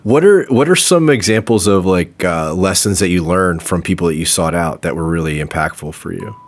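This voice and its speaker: A man hosts a podcast and asks his guest loose, conversational questions, often starting them over partway through. His voice is very low. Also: animated, brisk. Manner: conversational, rambling questions with restarts. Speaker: podcast host. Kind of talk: casual interview questions.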